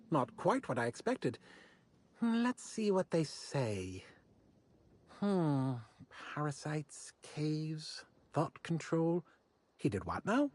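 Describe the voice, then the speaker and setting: An actor playing a fussy, pompous corporate auditor who hands out jobs in a video game, speaking in a formal, self-important way. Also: male voice, on the high side, a little hiss or hum. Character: fussy male corporate auditor quest-giver.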